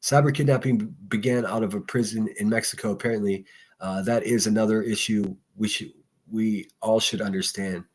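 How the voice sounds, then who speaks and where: A man's voice: lowish voice, steady tone, brisk. A man hosting a casual solo livestream, reading chat and giving blunt, profane, rambling commentary. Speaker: livestream host.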